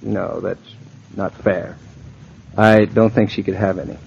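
A man's voice: low-pitched, steady tone, unhurried, vocal fry, darkish tone, a little hiss or hum, full character voice. An actor playing a newlywed husband, bantering playfully with his wife in vintage film dialogue, on dull lo-fi audio.

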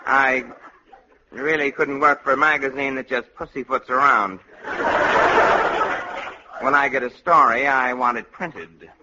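A man voicing a smug, blunt scandal researcher with a husky voice, in a 1950s radio comedy style. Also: medium pitch, unhurried, pauses often, heavy background noise, lightly acted. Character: sleazy middle-aged male scandal researcher, smug and blunt. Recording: dull lo-fi old radio recording.

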